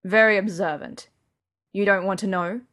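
A woman's voice: mid-range voice, fairly even intonation, normal speed, fairly bright tone, close to an everyday voice. A woman reading an audiobook voices an aloof, proud young man in pain, with a dry, clipped manner. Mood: guarded.

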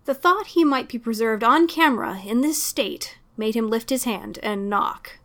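A woman narrating a story aloud in a steady, expressive storytelling manner. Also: a little high, normal speed. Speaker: reader. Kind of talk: audiobook fan fiction reading.

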